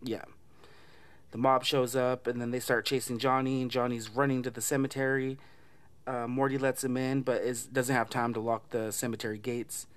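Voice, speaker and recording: Man, casual movie recap, mid-pitched voice, laughs a lot, swears, mimics characters. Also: smooth.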